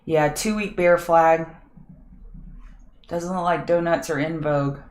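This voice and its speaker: Low-voiced woman hosting a trading stream. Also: steady tone, unhurried, darkish tone. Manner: chatty, reads viewer names, thinks aloud over charts. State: scratchy voice. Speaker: trading show host. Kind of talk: live market prep chat with viewers.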